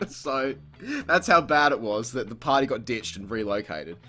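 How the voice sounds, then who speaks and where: Bright-voiced young man telling stories. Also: mid-range voice, a little slow. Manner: profane, animated, laughs often. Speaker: podcast host. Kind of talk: casual storytelling.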